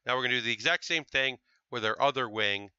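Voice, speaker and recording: A man's voice: mid-range voice, fast talker, sharp tone, clear, resonant tone, no room sound, muffled recording. A man chatting casually to his live-stream viewers while building a model kit, thinking aloud with fillers. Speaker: livestreamer building model kits.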